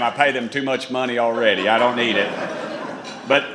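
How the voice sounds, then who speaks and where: A man's voice: mid-range voice, expressive, moderate pace, a crowd in the background. A man with an East Tennessee accent giving a folksy, rambling, self-mocking dinner speech as a congressman. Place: banquet hall. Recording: echoey hall, faint room noise.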